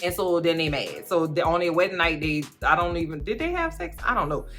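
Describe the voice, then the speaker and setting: Sassy, animated woman recapping a show. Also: fairly low pitch, fairly quick, soft background music. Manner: animated, sassy, swearing, talks to viewers directly. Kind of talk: casual recap chat.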